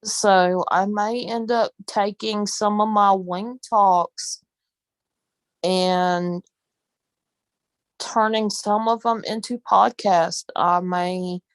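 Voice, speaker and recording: A woman with a Southern US accent, chatting casually on a live stream, rambling with many pauses and ums while greeting viewers. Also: medium pitch, fairly even intonation, no echo. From Southern United States. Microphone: phone.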